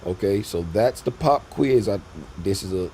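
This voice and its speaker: A man's voice: fairly low pitch, animated, normal speed, warm tone, slight background noise. A man, talking loosely and repeating himself as he walks viewers through a trading lesson on screen. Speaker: trading educator.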